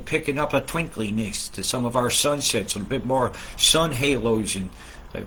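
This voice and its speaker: A man hosting a casual, rambling weather update, swearing often and swinging between loud outbursts and low muttering. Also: breathy edge. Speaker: weather video host.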